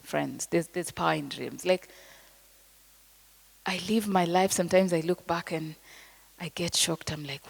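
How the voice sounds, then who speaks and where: A woman with a Kenyan accent giving an inspirational speech, emphatic and slow in phrasing, sometimes dropping to a soft whisper. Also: deep voice, gravelly, slightly rough. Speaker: motivational speaker. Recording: reverberant hall.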